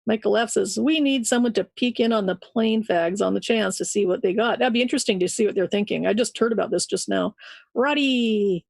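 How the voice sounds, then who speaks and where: A woman's voice: mid-range voice, a little fast, vocal fry, a little mellow, no room sound. A woman hosting a live show, cheerfully greeting listeners by name and laughing often. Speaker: show host reading out chat names. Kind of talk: casual live-stream chat.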